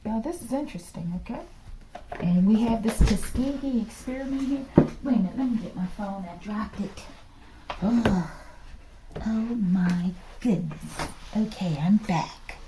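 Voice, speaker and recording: A woman with a mid-range voice, speaking a bit slowly, gives her viewers a channeled tarot reading in a chatty way, laughing often and sometimes dropping to a whisper. Background noise can be heard.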